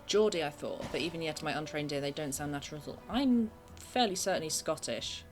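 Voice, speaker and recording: A woman's voice: low voice, animated, brisk, faint music behind. A woman from England chatting casually and getting sidetracked while streaming a video game from her bedroom. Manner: chatty, self-deprecating, easily distracted. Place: home bedroom.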